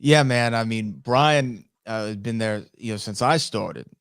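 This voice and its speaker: A man co-hosting a podcast, chatting in an easygoing way and quick to agree. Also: lowish voice, a bit bright, clear, resonant tone. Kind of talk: casual podcast chat.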